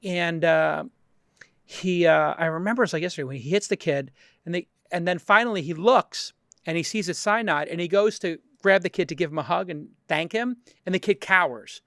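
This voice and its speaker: High-voiced animated male podcast host. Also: normal speed, no echo, clean studio sound. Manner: animated storyteller, acts out quotes. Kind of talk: casual interview chat.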